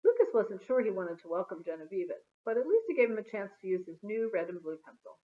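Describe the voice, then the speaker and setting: A woman reading a children's chapter book aloud in an expressive, storytelling manner. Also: medium pitch, fast. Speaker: storybook reader. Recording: phone-like narrow sound.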